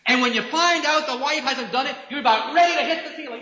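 A man's voice: extremely high pitch, fast talker, hardly any pauses, sharp tone, muffled recording. A man preaching a sermon, emphatic and full of rhetorical questions, mimicking irritated husbands. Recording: echoey hall reverb, cassette recording.

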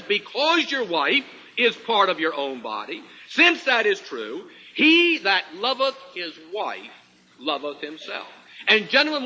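Man, preacher, sermon, high pitch, very bright tone, dull lo-fi recording, long reverb. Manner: emphatic preaching with rising and falling swings.

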